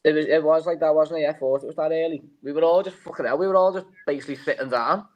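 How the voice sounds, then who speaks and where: A man's voice: a little high, fairly even intonation, rapid-fire. A man, co-hosting a casual football fan show, rambling and swearing, calling everyone "lad".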